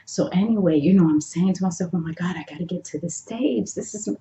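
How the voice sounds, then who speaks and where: A middle-aged woman tells her own story to camera, excitable and dramatic. She acts out her thoughts, moving from near-whispers to high cries. Her voice is gravelly and mellow, recorded in an echoey room with a dull, lo-fi sound. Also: a little fast. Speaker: vlogger telling a personal success story. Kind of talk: animated personal storytelling.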